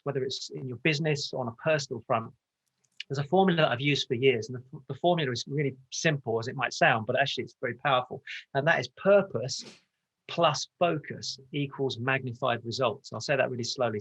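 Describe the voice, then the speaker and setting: Fast-talking husky male coach. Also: medium pitch, fairly bright tone, poor audio. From United Kingdom. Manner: passionate, gets carried away, talks fast. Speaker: transformational coach, podcast guest. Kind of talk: motivational interview talk.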